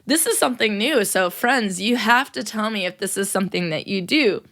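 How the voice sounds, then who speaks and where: A woman's voice: mid-range voice, animated, moderate pace, fairly bright tone. A young adult woman hosting a casual solo podcast as a teacher, upbeat and playful, often laughing and putting on quoted voices. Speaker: podcast host.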